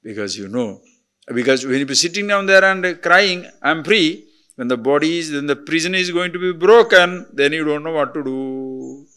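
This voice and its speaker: Bright-voiced man giving a spiritual discourse. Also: fairly high pitch, moderate pace, clean tone. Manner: expressive, rhetorical questions, swings from emphatic to soft. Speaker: spiritual teacher.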